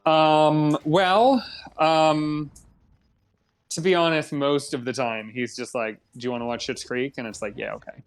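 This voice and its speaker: A man's voice: fairly high pitch, steady tone, unhurried, clean tone. A young man co-hosting a casual gaming podcast, a chatty storyteller who acts out both sides of a conversation. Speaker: podcast co-host.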